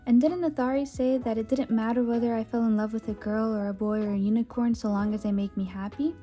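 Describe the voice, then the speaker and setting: A woman voicing a defiant young woman in love who insists on her independence in a high, insistent way. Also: steady tone, quick pace, mellow, soft background music, lightly acted.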